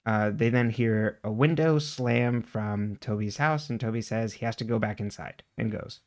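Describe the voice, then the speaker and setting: A man's voice: lowish voice, normal speed, a little mellow. A man co-hosting a podcast, casually retelling TV episode scenes and quoting the characters with frequent laughs. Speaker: podcast co-host. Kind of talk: casual recap chat.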